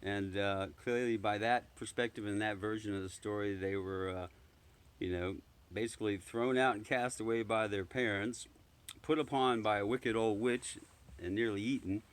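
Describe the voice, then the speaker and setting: A man introducing and reading a children's storybook aloud in a relaxed, chatty way with filler words. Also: lowish voice, moderate pace, smooth.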